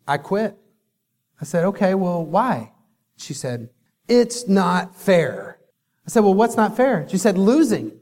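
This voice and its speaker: A man giving a motivational keynote speech, emphatic, telling stories with dramatic pauses, in a large hall. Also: sits high, a little mellow. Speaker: keynote speaker. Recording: long hall reverb.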